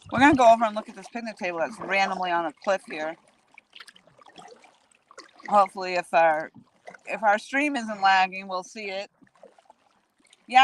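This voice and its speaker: A woman vlogs live from a kayak out on a lake, holding her phone camera as she paddles. She chats freely and speaks straight to her viewers, her voice sitting at an ordinary middle pitch. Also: animated, normal speed, pauses often, slight background noise. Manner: chatty, talks straight to viewers. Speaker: vlogger live streaming. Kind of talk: casual live-stream chat. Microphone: handheld phone camera.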